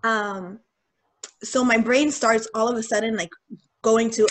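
A young woman telling a personal story in casual talk, candid and animated, acting out what people said. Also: on the high side, unhurried. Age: young adult. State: getting choked up. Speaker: guest sharing a personal story.

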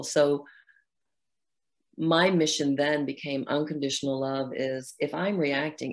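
A middle-aged woman, a guest author in an interview, talking earnestly about her own healing and acting out her inner dialogue. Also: rumbling low. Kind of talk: reflective interview talk.

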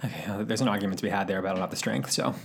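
A man's voice: lowish voice, rapid-fire, vocal fry, slight background noise. A man in his twenties telling a story in a casual chat as a podcast co-host, laughing often. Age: 20s.

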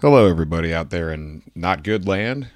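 A man's voice: deep voice, lively intonation, fairly quick, dry recording, clean studio sound. A man doing a comedic rant segment on a podcast, sarcastic and mock-indignant.

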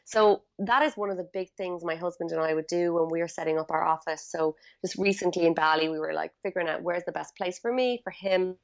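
A woman guest on a podcast interview, explaining feng shui in a chatty, animated storytelling way with many fillers. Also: lowish voice, fairly quick, vocal fry, few pauses, muffled recording.

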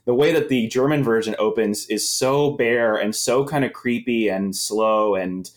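A man in a mid pitch, appearing as a podcast guest. He talks with nerdy enthusiasm and goes into long, expansive tangents. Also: unhurried. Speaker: podcast guest, film music journalist. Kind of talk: casual podcast interview.

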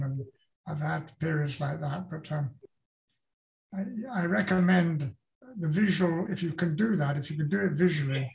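This older British author, a guest in a casual interview, talks at normal speed with a darkish tone to his gravelly, fairly high male voice. He thinks aloud as he goes, rambling, repeating words and starting sentences over.

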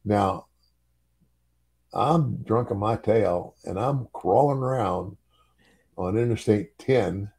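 A man's voice: fairly low pitch, takes it slowly, vocal fry, pauses often, a little mellow, husky. An older man and former wrestler telling a story in casual chat, chuckling often and repeating words as he goes.

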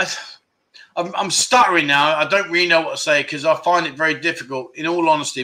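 Bright, forceful and on the high side, a man's voice carries a casual livestream from Pattaya, Thailand. Chatty and thankful, he reads out viewer donations and keeps restarting his thanks.

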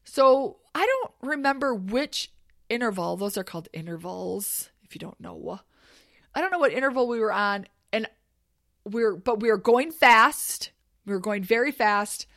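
A woman telling a funny personal story in a casual monologue, swearing freely and acting out the things people yelled. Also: fairly high pitch, normal speed, dry recording, studio quality. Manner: animated, swears freely, acts out yelled quotes. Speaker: storyteller host.

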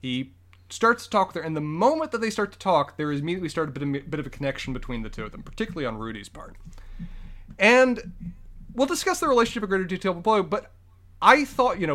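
A man's voice: on the high side, bright, forceful tone, a little hiss or hum. A man co-hosting a podcast, walking through a movie plot in casual, detailed review chat. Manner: detailed, explanatory, quick bursts. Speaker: podcast co-host.

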